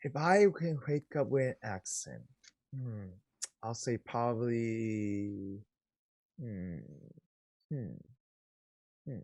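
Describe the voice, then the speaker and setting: A man co-hosting a casual podcast chat, excitable and quick to interrupt with questions. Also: mid-range voice, no echo. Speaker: podcast co-host.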